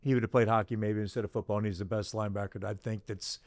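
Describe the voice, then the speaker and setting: Agreeable podcast co-host, dry sound. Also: male voice, fairly low pitch, fairly even intonation, quick pace, no echo. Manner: agreeable, hesitant with fillers. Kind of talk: casual podcast chat.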